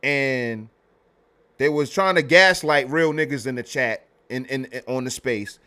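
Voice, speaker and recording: A man hosting a livestream, ranting in a heated, profane, animated way with loud bursts. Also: medium pitch, a little slow, smooth. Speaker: livestream host.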